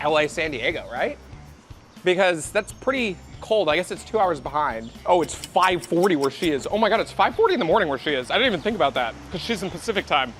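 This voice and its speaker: A man with a high voice talks fast into a handheld camera. He sounds excitable, piles up exclamations and thinks out loud as he vlogs. He seems to be outdoors on a rainy street. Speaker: vlogger playing a travel hide-and-seek game. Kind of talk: excited vlog narration to camera.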